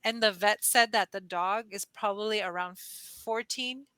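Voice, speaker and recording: In poor, dry audio, an English tutor on a video call chats casually in an unhurried, smooth voice. She tells stories animatedly, uses "like" as a frequent filler, and acts out quotes with high-pitched squeals.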